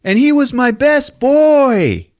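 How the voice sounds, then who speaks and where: A man voicing a prissy, fretful young space prince with a mincing, drawn-out delivery. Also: very high voice, sing-song, darkish tone, voice pushed up, heavily acted. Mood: mournful.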